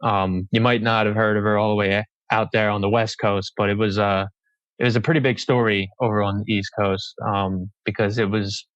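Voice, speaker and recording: A young man talks as a podcast guest, his voice a bit low, with hesitant pauses and restarts. The audio is dry and dull, like a lo-fi remote feed. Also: flat delivery, fairly bright tone, clean tone, dry recording. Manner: hesitant, many fillers and restarts. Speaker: guest author. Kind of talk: casual interview chat.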